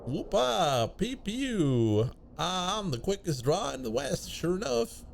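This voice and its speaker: A man's voice: sits high, very animated, slow pace, gravelly, voice pushed up, heavily acted. A boastful video-game cowboy who drawls frontier slang in a raised, bouncing voice, as a man puts him on. The delivery swings up and down the way a tall-tale teller's does. A faint hiss sits under the recording. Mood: folksy. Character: folksy old-west cowboy character, boastful.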